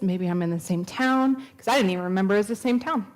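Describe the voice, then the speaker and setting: A woman's voice: mid-range voice, fairly even intonation, rapid-fire, few pauses. A woman in her thirties telling a personal testimony at a church, earnest and storytelling, acting out the dialogue she quotes. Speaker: speaker at a church. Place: church sanctuary.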